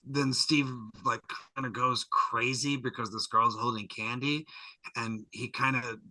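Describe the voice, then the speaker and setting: A man guest on a podcast, recapping an episode in a lively, jokey way and slipping into character voices. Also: medium pitch, unhurried, dry recording, poor audio. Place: podcast studio.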